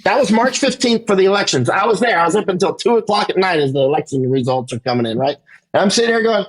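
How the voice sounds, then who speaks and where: A man, a war correspondent, giving an emphatic interview monologue that climbs higher in pitch as he gets worked up, with frequent "right?" tags. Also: lively intonation, quick pace, breathy edge.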